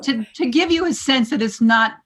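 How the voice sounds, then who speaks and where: A woman in her seventies, a former morning TV host, telling lively anecdotes as a guest and laughing often. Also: fairly high pitch, moderate pace. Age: 70s. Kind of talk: storytelling interview chat.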